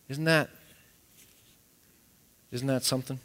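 A man's voice: mid-range voice, measured pace, a bit bright. A man preaching a sermon in an earnest, searching way, often restarting his phrases. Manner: earnest, repeats words as he restarts. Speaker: pastor. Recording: echoey hall.

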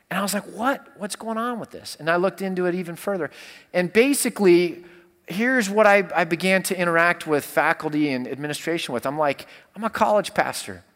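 Man, college pastor, casual storytelling, slightly high voice, restarts a lot, long hall reverb. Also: a bit bright. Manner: rambling, with many restarts and acted-out quotes.

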